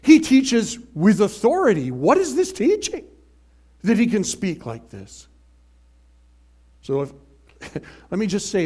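A man delivering a sermon with a fairly high voice. He preaches emphatically, swinging between loud, driving passages and hushed ones. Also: breathy edge.

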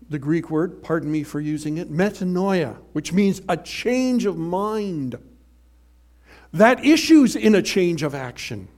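A man preaching a sermon in an animated, emphatic way, swinging from loud to hushed. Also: high voice, unhurried.

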